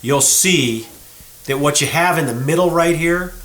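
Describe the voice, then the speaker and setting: A man's voice: fairly high pitch, measured pace, reverberant. A man hosting a gunsmithing show, chatting casually and pointing out flaws on a gun to viewers. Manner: folksy, animated, talks to viewers as folks. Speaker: show host, gunsmith shop owner. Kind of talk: casual explanatory chat. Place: gun shop workroom.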